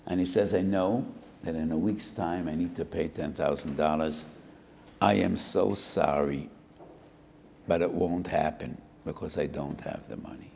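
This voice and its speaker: A man's voice: sits low, unhurried, gravelly, darkish tone, slight background noise. An older man, a rabbi, giving a sermon, telling a parable with Hebrew phrases and acting out both sides of a dialogue. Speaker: rabbi giving a Torah lecture. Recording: roomy hall with long reverb.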